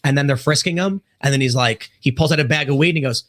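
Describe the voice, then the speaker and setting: A man hosts a talk show at a rapid pace. He reads viewer messages aloud and tells anecdotes with lively, animated delivery, acting out the people he quotes. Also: mid-range voice, slight background noise. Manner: animated storyteller who acts out quoted lines. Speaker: host reading super chats. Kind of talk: podcast conversation.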